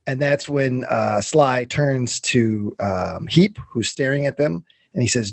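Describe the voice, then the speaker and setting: Husky man recapping a film. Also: medium pitch, slow pace, few pauses, dry recording. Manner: swearing, rambling with many fillers. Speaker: podcast co-host recapping the film. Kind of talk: casual film recap chat.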